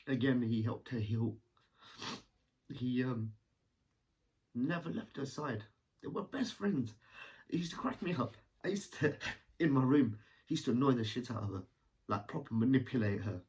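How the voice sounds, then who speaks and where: A man's voice: medium pitch, a little mellow, recorded from a distance. A man tells a personal story in a candid, rambling way and swears casually.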